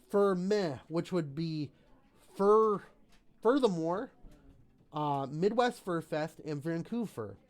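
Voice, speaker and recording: Animated, rambling male livestream host. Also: a little high. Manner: rambling, self-deprecating, chatty asides to viewers. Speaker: livestream call-in show host. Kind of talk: casual livestream chat with viewers.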